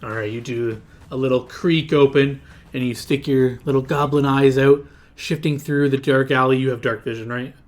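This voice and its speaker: A man's voice: mid-range voice, fairly even intonation, moderate pace. Rambling male game master describing scenes. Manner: rambling, descriptive, full of filler words. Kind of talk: narrating a tabletop game.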